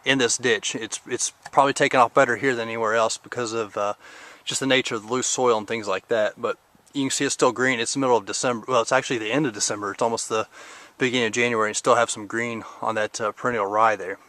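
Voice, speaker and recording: A man's voice: mid-range voice, steady tone, quick pace, pushed and bright, no echo. Rambling man touring his land. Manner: rambling, filler-heavy, pointing things out. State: a little out of breath. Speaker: podcast host giving a garden tour. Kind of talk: casual outdoor video tour. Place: outdoors on rural property.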